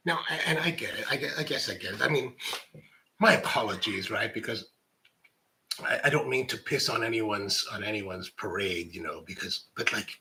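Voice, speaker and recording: Bright rambling American man. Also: fairly low pitch, lively intonation, normal speed, rough recording. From United States. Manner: rambling, lots of "like" and restarts; candid and self-deprecating. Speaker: coffee professional and channel host. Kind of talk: casual chat to camera.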